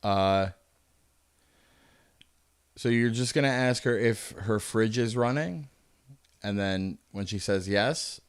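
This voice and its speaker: A man's voice: fairly low pitch, takes it slowly, long pauses, smooth, dry recording, clean studio sound. A man with a Long Island accent hosting a casual prank-call stream, rambling, swearing and laughing often.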